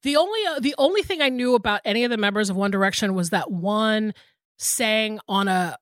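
A woman's voice: medium pitch, brisk, no room sound, studio quality. A woman in her thirties co-hosting a podcast, telling a story in casual chat with lots of "like" and some swearing. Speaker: podcast co-host.

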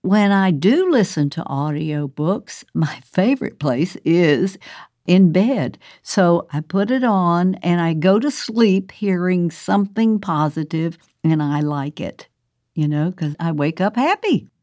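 A woman's voice: on the low side, animated, slow pace, warm tone, no room sound, studio quality. An older woman from the American South, an author speaking casually about her work, chatty and often laughing. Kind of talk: casual recorded monologue.

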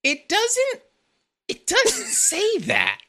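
A bright, sharp-toned co-host in casual podcast chat. Their pitch jumps around as they get excited over odd facts, swearing freely. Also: very slow.

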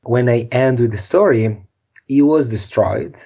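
A man's voice: medium pitch, measured pace, mellow, husky, dull audio. Earnest man telling a story. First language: Italian. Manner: earnest, non-native phrasing, restarts words. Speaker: podcast guest. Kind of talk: emotional storytelling.

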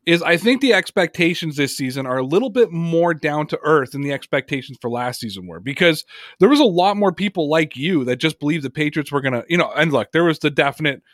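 A man's voice: fairly high pitch, lively intonation, a little fast, no echo, clean studio sound. A man hosting a sports podcast, talking emphatically and at length in casual chat. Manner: emphatic, talkative, reads chat comments aloud. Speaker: podcast host.

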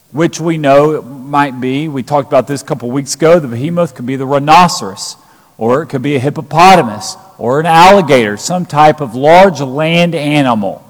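Guy preaching a sermon, kinda high voice, echo from a big hall. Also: expressive, moderate pace. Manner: retells scripture with emphatic acted quotes. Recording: long reverb of a large hall.

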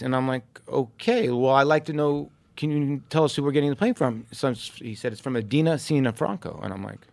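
A man's voice: fairly high pitch, no room sound. A man telling a long story on a podcast, jumping into the voices of the people he quotes, with plenty of ums. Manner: animated, acts out quoted voices, many ums. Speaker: podcast co-host, former baseball player. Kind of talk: casual storytelling.

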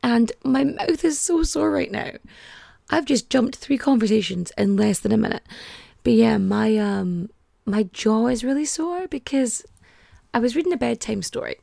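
A woman's voice: on the high side, creaky, dark tone, no echo. A young woman hosting a podcast, rambling and chatty, packing her talk with "like". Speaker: podcast host. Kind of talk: casual podcast chat.

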